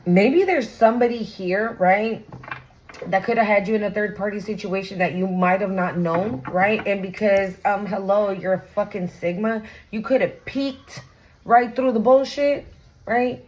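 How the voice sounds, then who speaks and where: A woman's voice: mid-range voice, measured pace, darkish tone, poor audio. Blunt, slangy woman doing a tarot reading. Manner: chatty and blunt, swears freely, slangy. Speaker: tarot reader. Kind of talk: casual tarot reading to viewers.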